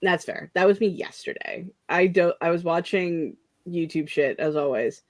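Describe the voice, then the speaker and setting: With a lowish, expressive voice and a moderate pace, this young woman hosts a relaxed productivity stream without echo. She yawns, sounds drowsy, and keeps up a rambling casual chat peppered with laughs.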